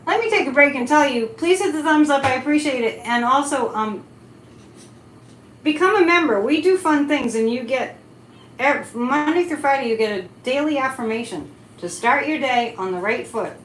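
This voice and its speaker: A woman's voice: sits high, lively intonation, moderate pace, fairly bright tone. A woman hosting a psychic live stream, chatting casually and animatedly, answering chat comments as she goes. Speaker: psychic livestream host. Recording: echoey room with faint noise.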